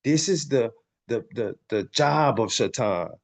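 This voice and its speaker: A man's voice: medium pitch, expressive, unhurried, gravelly. A man hosting a podcast, teaching on spiritual topics in a preachy way, reading passages aloud and repeating lines for emphasis, often stumbling over repeated words. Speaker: podcast host.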